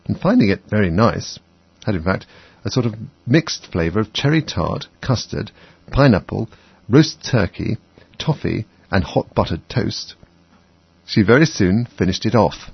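A man reads a children's story aloud in a low, gravelly, husky voice. His narration is expressive and moves widely in pitch. The recording sounds dull and dry. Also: unhurried, no room sound. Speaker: audiobook narrator.

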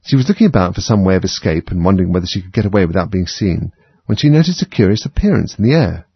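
Low husky guy reading a storybook, really animated, dry muffled lo-fi sound. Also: fast talker, no echo. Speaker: narrator. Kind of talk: storybook read-aloud. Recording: dull lo-fi recording.

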